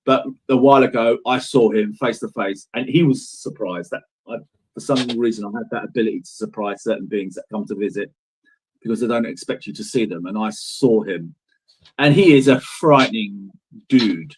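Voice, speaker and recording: A man's voice: fairly low pitch, fairly even intonation, a little fast, darkish tone, breathy edge, rough recording. A middle-aged man, a guest in an interview, telling stories in a rambling, emphatic way and swearing freely. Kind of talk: casual storytelling in an interview.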